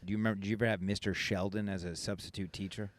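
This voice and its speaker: Low-voiced laid-back male podcast host. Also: level tone, racing. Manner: laid-back, profane and self-mocking. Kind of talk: casual podcast chat.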